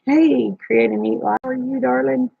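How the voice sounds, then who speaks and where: A woman's voice: sits high, fairly even intonation, normal speed, vocal fry, slight background noise. A woman hosting a livestream, telling a personal story in a plain-spoken way and retelling the dialogue. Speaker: livestream host. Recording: dull lo-fi dry sound.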